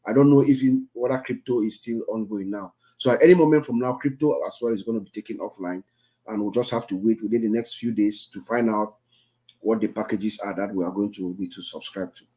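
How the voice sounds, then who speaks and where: A man on an online group call, calmly explaining an update with a few hesitations. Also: fairly low pitch, brisk. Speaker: meeting participant.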